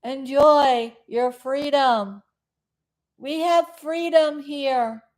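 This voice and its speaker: A middle-aged woman talks in a slow, unhurried way, drifting from one thought to the next. Her voice sits a little high, and she fills the gaps as she chats to her viewers on a casual stream. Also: a little mellow. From South Florida. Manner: chatty, meandering, loses her train of thought. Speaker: live-stream host. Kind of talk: rambling casual live-stream chat.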